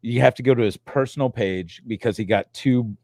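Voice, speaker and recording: This is a middle-aged man hosting a loose podcast chat, excitable and jokey, tripping over his words as he goes. His voice sits in an ordinary middle range, recorded close and dry. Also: medium pitch, dry recording. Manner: joking, excitable, hurried restarts. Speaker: podcast host. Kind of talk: casual chat.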